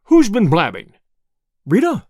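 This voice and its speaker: A gruff, suspicious middle-aged man barks and snarls each line with lively swings in pitch. A man reads him aloud in a storybook. The sound is dry and close, with no room around it. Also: measured pace, no room sound, full character voice. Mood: angry. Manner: snarling, barking.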